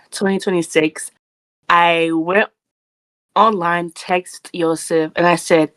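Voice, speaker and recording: A woman's voice: fairly low pitch, no room sound. Chatty young woman co-hosting a podcast. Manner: rambling, chatty, frequent "like" and "you know". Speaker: podcast co-host. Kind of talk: casual chat.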